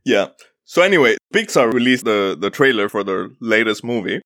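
A man's voice: lowish voice, expressive, normal speed, fairly bright tone, dry recording, clean studio sound. A man from Italy co-hosting a podcast, chatting casually, rambling and sidetracked, with lots of fillers. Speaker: podcast co-host.

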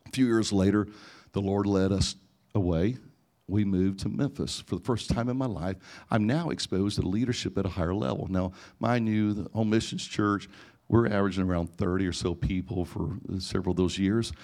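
Middle-aged man, pastor, lowish voice, animated sermon storytelling, gets loud and emphatic, live church audience. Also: normal speed. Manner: animated, rising to near-shouting in emotional parts, frequent restarts. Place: church or conference hall before a live audience.

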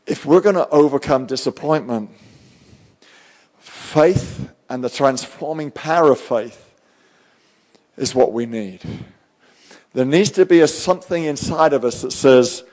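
A male pastor giving a live sermon, fervent and swinging between loud and hushed. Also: medium pitch, moderate pace, long pauses.

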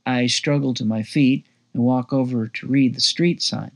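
A man narrating his own story in the first person, in a low-key, wry storytelling manner. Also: steady tone, moderate pace, hardly any pauses. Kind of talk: first-person memoir reading.

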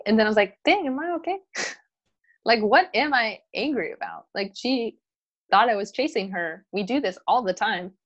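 A mother of a toddler in casual conversation, telling a story in an animated way and acting out the voices she quotes. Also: mid-range voice, lo-fi sound.

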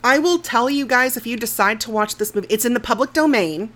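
A woman's voice: a little high, a little fast, a bit bright. Sweary, laughing woman podcaster. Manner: frank and sweary, laughs often, trails off mid-sentence. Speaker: podcast co-host. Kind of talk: casual movie review chat.

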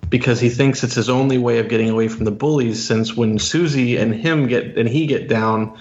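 A man's voice: medium pitch, brisk, darkish tone. Hesitant man on a dull lo-fi recording. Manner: hesitant, casual. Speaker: player. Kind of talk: casual tabletop game play.

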